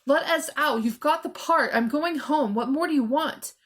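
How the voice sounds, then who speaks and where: A woman reading aloud and voicing a frightened teenage girl who shouts and pleads in panic. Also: high-pitched, steady tone, moderate pace. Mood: screaming. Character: frightened teenage girl trapped in flooding boathouse. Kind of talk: audiobook character voice.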